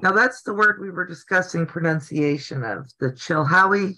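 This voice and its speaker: A woman's voice: lowish voice, moderate pace, pushed and bright. A Southern American woman hosting a casual sewing livestream, chatty and teasing, laughing often. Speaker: host of a sewing channel livestream.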